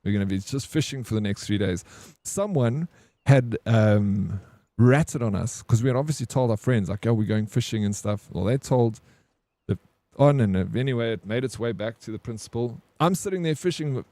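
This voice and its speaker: A man's voice: mid-range voice, animated, normal speed, mellow, dry recording. A man casually telling a story to his stream chat, swearing and calling people bro. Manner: laid-back, swears, says "bro".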